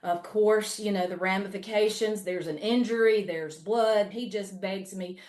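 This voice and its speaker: A woman's voice: medium pitch, fairly even intonation, unhurried, hardly any pauses, darkish tone. South carolina lady w/ a thick southern drawl, folksy storyteller, echoey room. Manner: folksy, storytelling, says y'all. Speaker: guest speaker, ministry leader. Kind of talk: webinar talk with personal story.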